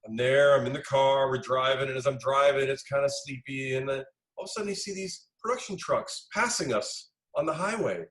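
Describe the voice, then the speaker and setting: A middle-aged man, a film director being interviewed, telling lively anecdotes and acting out the dialogue he quotes. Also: mid-range voice, fairly quick, rough recording. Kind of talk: casual interview storytelling.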